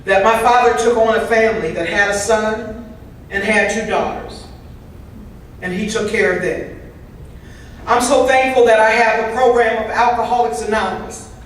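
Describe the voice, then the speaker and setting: A woman's voice: a little high, slight background noise. A woman voicing a signed first-person recovery talk at a convention, in a humorous, conversational storytelling manner. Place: large convention hall. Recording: very echoey hall from far off.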